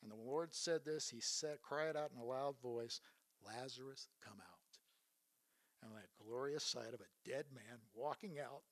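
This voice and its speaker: A man's voice: mid-range voice, normal speed, few pauses, a bit bright. A man preaching a sermon, retelling Bible stories in an earnest way and asking his listeners rhetorical questions.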